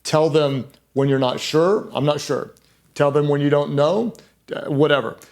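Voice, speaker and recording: A middle-aged man, a pastor, gives a leadership talk in a fairly high, slightly dark voice at a moderate pace. He speaks emphatically but conversationally, repeating key words for stress and slipping in self-deprecating asides.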